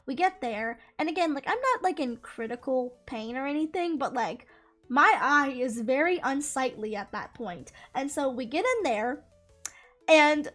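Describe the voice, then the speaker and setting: A high-pitched young woman chats through a personal story, animated and quick to laugh, swearing without a second thought. Faint music plays softly behind her. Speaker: gaming channel creator. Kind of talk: casual storytelling chat.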